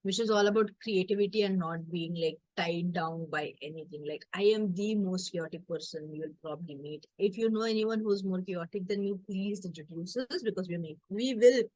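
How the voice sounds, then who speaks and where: A woman's voice: fairly low pitch, normal speed, hardly any pauses, a little mellow, no echo, poor audio. A woman coach hosting an online workshop, chatty and jokey, acting out family members with big swings in her voice. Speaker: coach and community host. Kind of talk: casual workshop chat.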